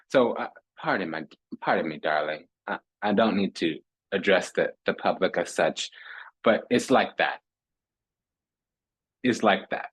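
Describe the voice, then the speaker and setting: A man delivers a tarot reading in a loose, talky monologue. His voice sits a little low and comes out husky. He is sassy and theatrical, calling listeners honey and darling and hammering points home by repeating himself. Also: lively intonation, moderate pace, rough recording. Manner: repeats phrases for emphasis. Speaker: tarot reader.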